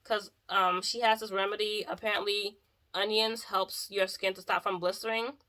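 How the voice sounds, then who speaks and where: A mobile hairstylist shares a client story on a casual storytime vlog, her mid-range voice bright and forceful yet flat in delivery at a normal speed. She comes across exasperated and chatty, using "like" a lot.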